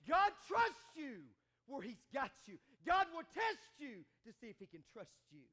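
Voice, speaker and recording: Man, pastor, church sermon, swooping lively pitch, joking and shouting. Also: normal speed. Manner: animated, shouting and joking with the congregation. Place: church sanctuary.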